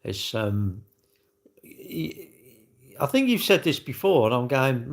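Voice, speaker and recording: A British man talks to his viewers on a livestream in a loose, rambling, animated way, full of slang and asides. His voice sits at an ordinary middle pitch. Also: slow pace, long pauses. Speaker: livestreamer answering chat. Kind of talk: casual live-stream chat.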